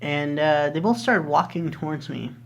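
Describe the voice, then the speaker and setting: A man's voice: fairly high pitch, moderate pace, vocal fry, dull audio. A young man vlogger telling a story casually, rambling with lots of fillers and swearing freely.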